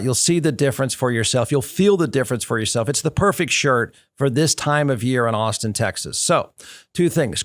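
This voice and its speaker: A man doing a casual live-read advertisement and repeating the sales pitch. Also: no echo, studio quality. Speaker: talk show host reading an ad.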